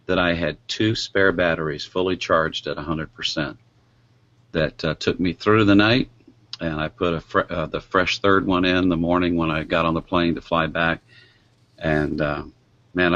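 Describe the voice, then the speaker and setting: Casting: older man, very low voice, folksy anecdotes, muffled lo-fi sound. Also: steady tone, normal speed, a bit bright. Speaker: podcast co-host. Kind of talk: casual chat. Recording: dull lo-fi podcast audio.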